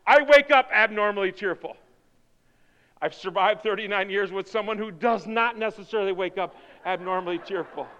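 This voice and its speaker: A man in his fifties preaching a sermon, swinging from loud whoops to near whispers. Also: high-pitched, normal speed, smooth, highs cut off. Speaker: pastor. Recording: reverberant hall sound.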